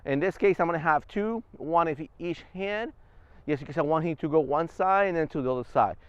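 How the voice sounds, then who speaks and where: A man's voice: fairly high pitch, fairly quick, clear, resonant tone, no echo, muffled recording. A man casually explaining service dog training step by step in a vlog, recorded on a clip-on wireless mic.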